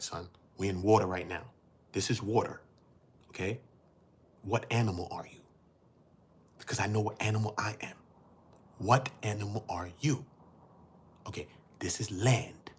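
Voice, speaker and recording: A man hosting a casual livestream, talking in heavy street slang, cursing, preaching and addressing his chat directly. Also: fairly low pitch. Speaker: livestream host.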